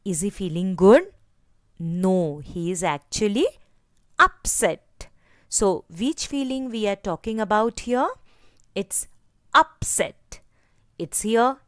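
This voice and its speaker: Indian english woman teaching little kids, slow and sing-songy, dry close mic. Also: mid-range voice, no echo. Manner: asks many questions and has children repeat words. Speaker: kindergarten teacher. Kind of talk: slow, sing-song teaching to young children.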